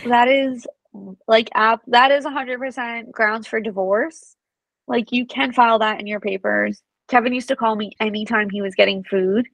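A young woman co-hosts a podcast, her voice on the high side with a creaky edge and a moderate pace. She chats casually and animatedly, acting out quotes as she tells stories. The audio is poor but has no echo.

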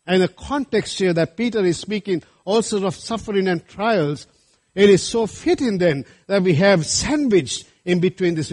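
A man's voice: high-pitched, darkish tone. A man preaching a sermon, earnest and rising to fervent appeals to his congregation. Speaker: pastor.

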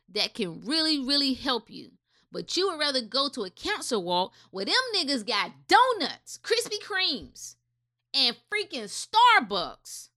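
A woman's voice: on the high side, pushed and bright. A woman giving a blunt, impassioned, unscripted rant with swearing, speaking straight to her listeners.

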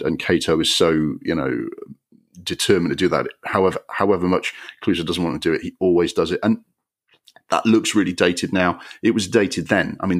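Male podcast co-host, deep voice, exasperated sweary ranter. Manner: exasperated, sweary, ranting with rising pitch. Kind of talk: casual film review rant.

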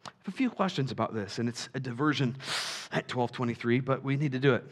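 A man preaching a sermon, animated, swinging from quiet asides to shouts and acting out quoted voices. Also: medium pitch, fast. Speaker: pastor.

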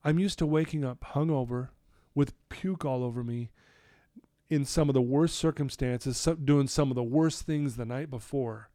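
Male guest, animated storyteller, dry mic. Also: mid-range voice, moderate pace, dry recording. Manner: animated storytelling, acts out quotes. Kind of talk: telling a personal story.

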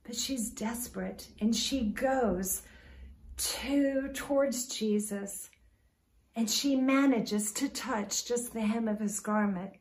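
Slow-paced woman preaching. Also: on the high side. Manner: dramatic storytelling, swinging from loud to hushed. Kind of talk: sermon.

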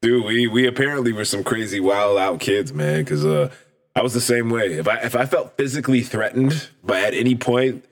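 A man from Michigan co-hosting a casual podcast. He tells stories with loose, profane energy and laughs often. His pitch sits in the ordinary middle range for a man. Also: moderate pace. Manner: profane, laughing storyteller who acts out voices in quotes. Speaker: podcast co-host. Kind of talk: casual chat, storytelling.

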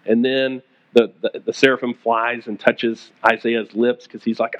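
A pastor preaching a conversational sermon, retelling stories and acting out the quoted voices. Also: male voice, medium pitch, flat delivery, measured pace, highs cut off.

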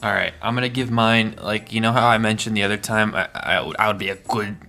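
A man's voice: lowish voice, steady tone, quick pace, gravelly, bright, forceful tone. A young man co-hosting a casual podcast chat, laid-back and joking, with faint music behind. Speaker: podcast co-host.

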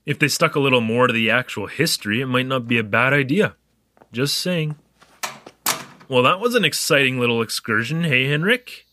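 A man voicing a young diarist, lively swinging pitch, bright, dry close recording, animated and joking. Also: moderate pace, no room sound. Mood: musing. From Canada. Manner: animated, joking, wandering asides. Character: young male newcomer keeping a spoken diary, curious, chatty. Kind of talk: audio drama narration.

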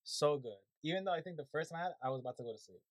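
A man's voice: a little high, animated, over a noisy crowd, rough recording. A young man co-hosting a podcast, telling rambling stories with lots of restarts in casual chat. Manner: fast, rambling storyteller with many restarts. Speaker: podcast co-host.

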